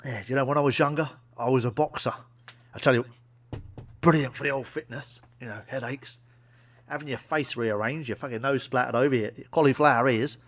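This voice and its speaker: A man's voice: medium pitch, steady tone, fairly quick, a bit bright. A man from England telling crude, sweary jokes to camera as a stand-up comedian. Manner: blunt and sweary, with a chuckling aside. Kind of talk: crude joke-telling monologue. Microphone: solo to camera, wearing a mask.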